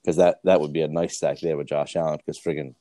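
A man's voice: very deep voice, level tone, fast talker, warm tone. A man hosting a casual podcast, rambling with many restarts and fillers. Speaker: podcast host.

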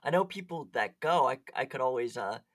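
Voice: mid-range voice, animated, fairly quick, fairly bright tone. Giggly podcast co-host. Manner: giggly, reads chat logs aloud with filler words. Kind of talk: casual podcast chat.

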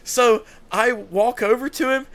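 A man's voice: very high voice, fairly even intonation, a little slow, fairly bright tone. A young man casually telling a funny, profane story on a podcast, laughing often. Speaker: podcast host.

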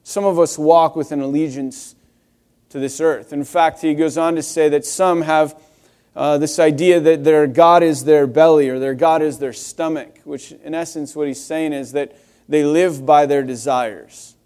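Young male pastor, slightly high voice, conversational and wry, casual sermon delivery. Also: fairly even intonation, unhurried, a little mellow. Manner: conversational, wry storytelling with restarts.

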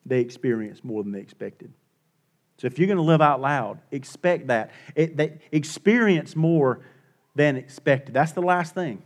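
A middle-aged male pastor preaching a sermon, swinging between hushed and loud and repeating his points for emphasis. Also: on the high side, lively intonation, unhurried.

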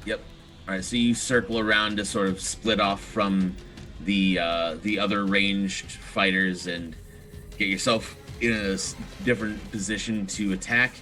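A man's voice: lowish voice, steady tone, a little slow, pushed and bright, soft background music. A man narrating as game master of a tabletop game, explaining rules in an easygoing way with plenty of fillers.

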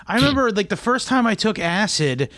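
A young man with a high voice hosts a casual podcast. He tells rambling stories full of swearing and breaks into laughs mid-sentence. The sound is dry and close. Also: big pitch swings, brisk, a bit bright, no echo. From south of Boston, USA. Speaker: podcast host.

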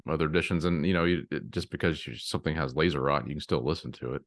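A man's voice: rumbling low, fast talker, no room sound, studio quality. A man who is a guest on a film podcast, talking eagerly about movies and often restarting his sentences. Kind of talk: casual film chat.

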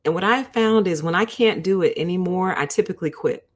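A woman's voice: fairly low pitch, fairly quick. A woman hosting a book review livestream, chatting casually and talking straight to her viewers. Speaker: host of a book review show.

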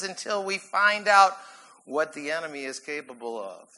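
A man preaching a sermon in an animated, emphatic way, often laughing as he goes. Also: a little high, normal speed, poor audio. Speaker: pastor.

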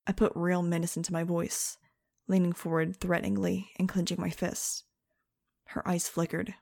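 A woman reads a novel aloud in the first person. Her delivery is sarcastic and chatty, as if confiding in the listener. Her voice is slightly low, with a rough, gravelly texture. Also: flat delivery, normal speed, a little mellow, no room sound, clean studio sound. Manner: sarcastic, wisecracking and conversational. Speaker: audiobook narrator. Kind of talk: first-person audiobook narration.

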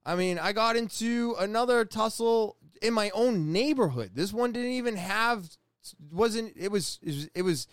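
A man in his forties from New England telling a personal story in a casual, profane, animated way, often restarting his sentences. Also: high-pitched, normal speed, clear, resonant tone, no room sound, clean studio sound. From New England, USA. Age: 40s.

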